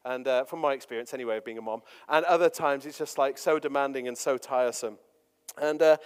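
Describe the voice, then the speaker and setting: Pastor guy in his 40s telling funny family stories from the pulpit, kinda high voice, big echoey hall. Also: clear, resonant tone. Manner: jokey, anecdotal, lots of fillers. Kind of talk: sermon with personal stories. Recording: long reverb of a large hall.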